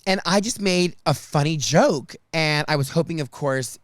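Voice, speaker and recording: A man hosting a podcast, telling a story in casual chat, unfiltered and self-mocking, acting out quotes in a high voice. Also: moderate pace, dry recording. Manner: animated, acts out quotes in a high voice. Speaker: podcast host.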